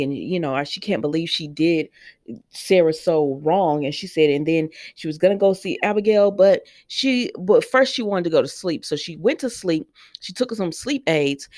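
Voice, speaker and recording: A woman casually retelling a story to her viewers, talking in a chatty way and acting out the quotes, often jumping high in pitch. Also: no echo, studio quality. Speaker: soap opera recap vlogger. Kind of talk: casual chat.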